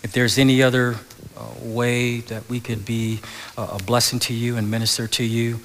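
A man's voice: medium pitch, level tone, moderate pace, fairly bright tone, slight background noise. A man preaching a conversational sermon as a pastor, often repeating his words and dropping to a whisper on key phrases. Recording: long hall reverb.

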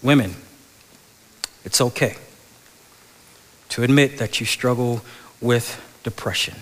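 A middle-aged male pastor preaching a sermon, moving between loud animated stretches and soft, hushed passages, in a church sanctuary. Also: medium pitch, slow pace. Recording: large hall with long reverb.

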